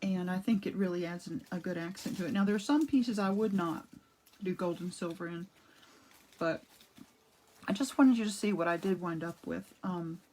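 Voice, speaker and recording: A woman's voice: on the low side, normal speed, a little mellow, rough recording. A woman hosting a casual live-streamed craft demonstration, chatting and greeting viewers as she goes, with a cough drop in her mouth. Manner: chatty, greets viewers by name mid-demo; rambling, with frequent restarts and asides. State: talking around a cough drop. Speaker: art demo host. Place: home art studio.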